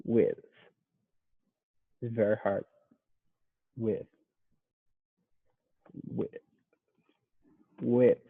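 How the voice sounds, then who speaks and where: Brazilian man, English learner, slow careful delivery, tinny call audio. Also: fairly low pitch, steady tone, creaky, slightly rough. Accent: Brazilian Portuguese. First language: Portuguese. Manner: halting, repeats words carefully. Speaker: English student, software engineer. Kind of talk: practicing pronunciation in a lesson.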